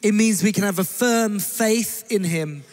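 Slow, high-voiced man preaching. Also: faint music behind. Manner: steady, measured, lightly humorous. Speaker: pastor. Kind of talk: sermon. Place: church hall. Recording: echoey church hall.

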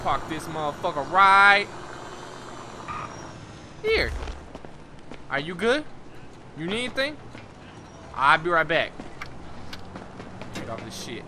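A man giving casual gameplay commentary, excitable and whooping, with lots of cursing and trash talk. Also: fairly high pitch, takes it slowly, long pauses, slight background noise. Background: game music and car sounds.

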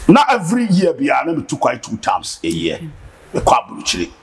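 A man with a Ghanaian accent, a guest preacher in an interview, talking in an animated, preachy way that bursts into shouting. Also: medium pitch, fast, gravelly, slight background noise. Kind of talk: impassioned interview talk mixing Twi and English.

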